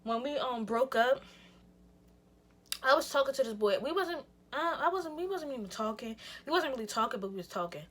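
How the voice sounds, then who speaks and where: Animated young woman telling a storytime. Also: high voice, brisk. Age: young adult. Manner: animated, emphatic, swears freely, acts out her own reactions. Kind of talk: casual storytime vlog.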